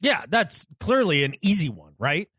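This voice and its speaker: A man with a high voice co-hosts a sports podcast, riffing in an emphatic, sarcastic way. His pitch swings widely as he argues. The sound is dry and close. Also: very animated, normal speed, sharp tone, breathy edge, dry recording. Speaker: podcast co-host. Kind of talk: casual sports chat.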